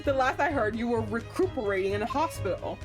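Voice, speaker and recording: A stern elderly judge of a video game courtroom, as a woman drops her voice low to play him. He speaks in grave, formal pronouncements, with game music playing behind. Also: expressive, fast talker, lightly acted.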